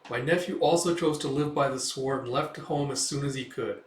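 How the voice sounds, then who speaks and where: A man's voice: mid-range voice, brisk, lightly acted. A man voicing a jolly older male priest, hearty and talkative. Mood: earnest. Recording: echoey room, distant mic.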